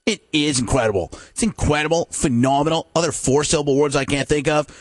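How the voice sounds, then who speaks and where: A man's voice: a little high, no room sound, clean studio sound. A man in his thirties, a comedian and impressionist, joking self-mockingly as a guest in a casual radio interview. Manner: jokey, self-mocking, quick.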